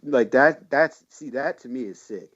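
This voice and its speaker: A man's voice: mid-range voice, a little slow, highs cut off. Slangy, swearing man telling a story. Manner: slangy, swears a lot, rambling with many fillers. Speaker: podcast guest. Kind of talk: casual storytelling chat.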